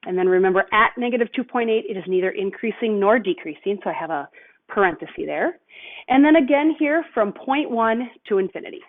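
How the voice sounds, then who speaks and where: A woman's voice: medium pitch, animated, a little fast. A woman teacher walking through a math lesson step by step, patient and thinking aloud. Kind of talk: recorded lesson walkthrough. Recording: tinny phone-like audio.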